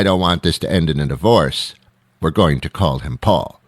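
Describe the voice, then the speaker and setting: A man's voice: extremely low pitch, moderate pace, no echo, studio quality. A male show host giving a rambling, sarcastic comedic monologue with mock outrage. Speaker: radio host.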